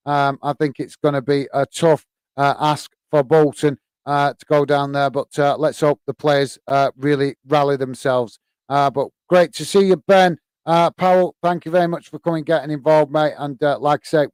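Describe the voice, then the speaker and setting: A UK man hosts a live football watch-along, reading viewer comments in a hesitant, friendly way full of fillers and calling people mate. His voice is a little high, clear and resonant, with no echo.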